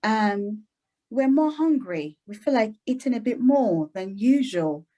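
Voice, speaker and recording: Lively, laughing woman explaining clearly. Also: on the high side, measured pace. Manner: lively, laughs often, acts out quotes. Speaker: guest, clinician. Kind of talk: explaining in an interview.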